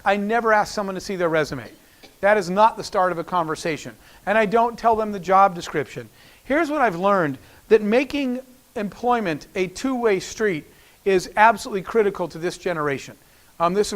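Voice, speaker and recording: A middle-aged man giving a storytelling business talk, acting out the dialogue he quotes. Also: high-pitched. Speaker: keynote speaker.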